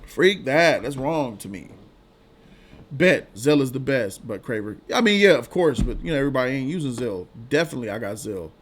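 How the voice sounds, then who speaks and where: A man's voice: medium pitch, expressive, brisk, husky. A man hosting a live stream, chatting casually with viewers in loose slang and laughing often. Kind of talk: casual live-stream chat reading donations.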